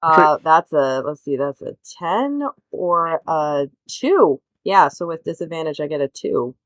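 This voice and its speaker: A woman's voice: deep voice, animated, measured pace, dry recording, rough recording. Playful woman tabletop player. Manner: playful, self-mocking. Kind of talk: casual tabletop play.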